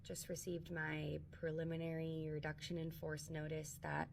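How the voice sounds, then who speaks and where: Low gravelly upset woman teacher. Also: monotone, heavy background noise. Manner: upset, halting, reading a notice aloud. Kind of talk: personal video vlog.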